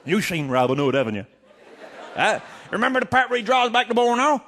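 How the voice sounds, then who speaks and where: A middle-aged man telling a comic tall tale, boisterous, often shouting and chuckling through his lines. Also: sits high, sing-song, brisk. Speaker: comedian storyteller.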